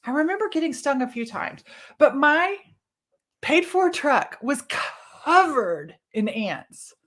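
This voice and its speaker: A woman from Texas, telling a personal story in a casual monologue, animated and swearing freely. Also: high-pitched, slow pace. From Texas, USA. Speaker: podcast host.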